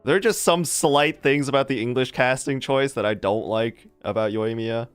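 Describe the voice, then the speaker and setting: A streamer chatting casually with a live chat, animated and rambling, laughing often. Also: mid-range voice, moderate pace, clean tone, no room sound, faint music behind.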